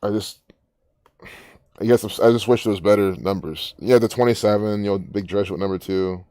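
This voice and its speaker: A man's voice: on the low side, fairly quick, dark tone, clear, resonant tone, dry recording, studio quality. A man hosting a casual commentary, rambling and musing aloud with frequent restarts. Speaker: gematria channel host.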